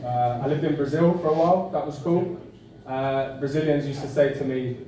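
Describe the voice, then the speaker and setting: A young English man works through a stand-up set with a dry, self-deprecating delivery, pausing on fillers as he goes. His voice reaches a distant mic across a very roomy club. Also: mid-range voice, dark tone. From England. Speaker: stand-up comedian. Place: comedy club bar with a live audience. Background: audience laughter.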